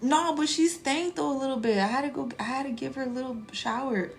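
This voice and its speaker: A woman in her thirties chatting casually on a live stream as a spiritual reader, animated and profane, with laughing asides. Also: high voice, quick pace, creaky.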